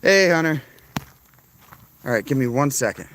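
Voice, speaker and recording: A man's voice: mid-range voice, lively intonation, normal speed, fairly bright tone, slight background noise. A man chatting casually on a live stream at an outdoor campsite, rambling, swearing freely and greeting chat viewers.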